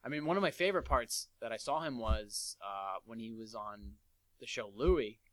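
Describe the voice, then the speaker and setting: A man's voice: mid-range voice, moderate pace, dry recording. A man co-hosting a podcast, chatting casually in a rambling, laid-back, joking way. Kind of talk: casual chat.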